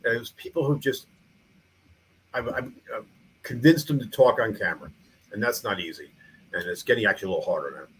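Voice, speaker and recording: With a voice on the low side, slightly rough, he talks fairly quickly but leaves long pauses. He's a middle-aged small-town mayor and museum founder telling stories in a casual interview, rambling and animated with frequent restarts and fillers, on a low-quality recording.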